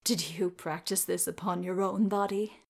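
A woman's voice: fairly low pitch, fairly even intonation, normal speed, vocal fry. A fierce dwarf warrior with a sardonic edge, taunting and mocking his rival, as a woman reading a story voices him. Every line carries a smirk.

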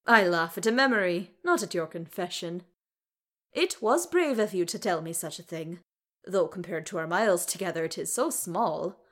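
A woman reading the part of a gruff, warm-hearted male dwarf warrior in a fan story read aloud. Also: lowish voice, animated, moderate pace. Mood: fond. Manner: gruff, fond.

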